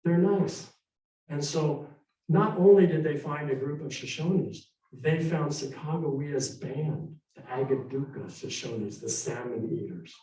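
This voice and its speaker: In an arts center hall, a middle-aged historical storyteller gives a live presentation to an audience, speaking in a slightly high, unhurried voice. He's animated and chatty, performing characters' lines, and the distant mic picks up a lot of hall echo.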